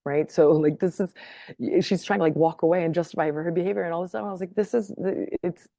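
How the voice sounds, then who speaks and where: A woman with a low, warm and mellow voice tells a personal story as a podcast guest. She is animated, laughs often and keeps checking in with her listener. The recording is dry and close, with no room sound. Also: racing, vocal fry, dry recording. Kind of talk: casual storytelling in conversation.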